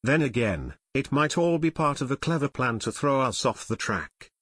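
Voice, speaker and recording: A man's voice: medium pitch, animated, moderate pace, fairly bright tone, slightly rough, no room sound. Male narrator plays a determined teen detective; firm, cool, pressing, dry sound. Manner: firm, demanding.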